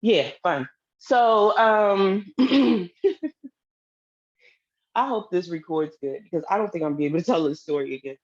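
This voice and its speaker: A woman's voice: fairly low pitch, measured pace, pauses often, dull audio. Woman animatedly telling a personal story. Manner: animated, acts out quoted dialogue.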